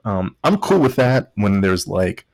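A man's voice: lowish voice, big pitch swings, unhurried, creaky, darkish tone, no echo. A man co-hosting a podcast in casual chat, a little drunk, rambling through stories and laughing often. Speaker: podcast co-host, doctor.

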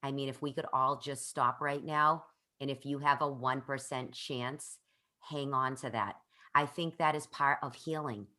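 Woman, podcast host, very low pitch, bright tone, earnest, rambling. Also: steady tone, measured pace. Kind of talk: conversational interview.

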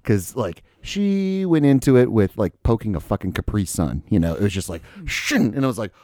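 Brisk and on the low side, the host is recorded at studio quality with no room sound. He chats casually through a story, animated and freely cursing while impersonating the people involved.

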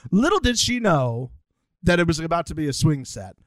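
A woman's voice: sits low, normal speed, no room sound. A woman co-hosting a podcast, telling stories animatedly in casual chat. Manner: animated storytelling, mimics people. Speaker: podcast co-host.

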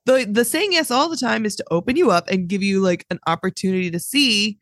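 A woman's voice: medium pitch, fairly quick, a bit bright, no echo, clean studio sound. A woman co-hosting a podcast, enthusiastic and laughing often in casual chat about a film.

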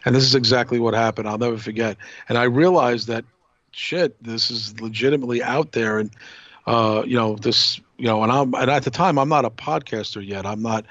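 A man from New York co-hosting a podcast, telling a long story in a rambling, animated way with many restarts. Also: medium pitch, brisk, no room sound, highs cut off. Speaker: podcast co-host. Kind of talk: casual storytelling chat.

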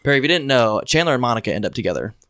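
This podcast co-host chats casually and playfully, growing enthusiastic as he retells a favorite scene. His medium-pitched voice is very animated and a bit bright, and he speaks at a racing clip.

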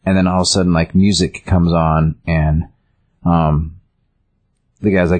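A man with a very low, husky voice talks through a comic book story in a loose, rambling way. He stumbles and restarts often as he recaps. It is a casual show chat. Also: flat delivery, a little slow, pauses often, a little mellow.

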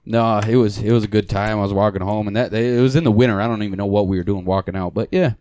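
A man's voice: lowish voice, steady tone, fast talker, darkish tone. Laughing rambling man telling a story. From Michigan, US. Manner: rambling, laughs through his stories, swears freely. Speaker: podcast host. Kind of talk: casual podcast chat.

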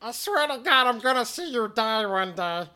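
A frantic little gnome with a high, piercing voice that leaps all over the place. His tone is bright and sharp, yelling in a tabletop game session. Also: huge pitch swings, normal speed, full character voice. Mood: furious. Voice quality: shrill, yelling. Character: frantic small male gnome, squeaky and desperate.

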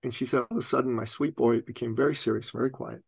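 A man speaking as a podcast guest, telling a personal story in an animated way and laughing often as he goes. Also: mid-range voice, fast talker, creaky, husky, no echo.

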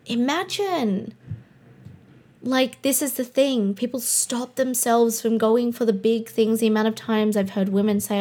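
A woman's voice: fairly high pitch, a little slow, mellow. A young adult Australian woman, a podcast host and coach, talking in a candid, blunt way and swearing freely. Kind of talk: casual monologue.

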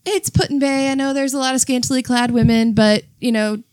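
A woman with a slightly high voice tells a meandering story in casual podcast chat, breaking into laughter often. The sound is dry and close, with no room around it. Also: fairly even intonation, fairly quick, darkish tone, no echo. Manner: laughs often, rambling anecdotes. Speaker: podcast co-host.

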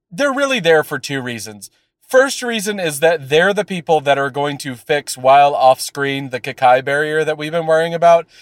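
Man, casual podcast chat, rambling, profane, fairly high pitch, dry recording. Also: dry recording. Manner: animated, profane, rambling with fillers. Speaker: podcast co-host.

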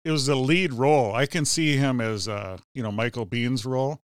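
A man with a smooth, clear voice trading lively movie opinions, loose and full of "you know". The sound is dry and close, with no room in it. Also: medium pitch, normal speed, no room sound. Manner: animated, peppers talk with "you know". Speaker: podcast co-host. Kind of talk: casual movie chat.

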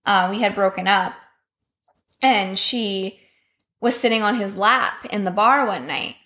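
A bright-voiced young woman telling a personal story on a podcast, casual and blunt. Her speech is loose and profane, full of "um" and "like", with a clear, forward tone. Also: mid-range voice, measured pace. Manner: candid, profane, heavy filler words. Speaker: podcast guest.

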